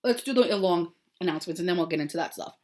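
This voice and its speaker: A woman's voice: lowish voice, animated, fast, darkish tone. A woman hosting her crafting podcast in casual chat, heartfelt and rambling with many ums and restarts, turning bubbly and upbeat for announcements. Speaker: podcast host.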